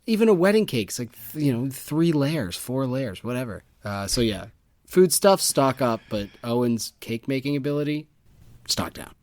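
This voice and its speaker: A man's voice: medium pitch, very animated, normal speed, a little mellow, no echo. Male co-host, casual chat, exasperated ranting delivery, dry booth sound. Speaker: podcast co-host.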